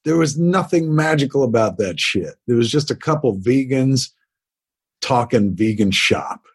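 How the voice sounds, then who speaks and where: A laid-back man on a casual podcast who jokes with crude, profane banter. His voice has a husky, slightly rough edge at a mid pitch. He sounds loose and teasing. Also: lively intonation, unhurried. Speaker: podcast co-host.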